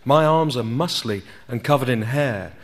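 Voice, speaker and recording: A man delivering scripted sketch comedy in a deadpan, mock-serious manner. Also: mid-range voice, moderate pace, heavy background noise. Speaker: comic presenter in a sketch.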